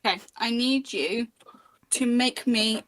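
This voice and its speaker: A woman's voice: fairly high pitch, takes it slowly, fairly bright tone, slight background noise, low-quality recording. A woman narrating as game master of a tabletop game, chatty, with frequent ums and restarts.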